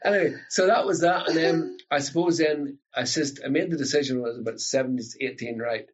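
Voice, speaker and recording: A man from Northern Ireland with an Ulster Scots accent, a guest telling lively stories about language, often repeating his words. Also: a little high, quick pace, husky, lo-fi sound. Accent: Northern Irish, Ulster Scots. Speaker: guest, linguist. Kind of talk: storytelling conversation.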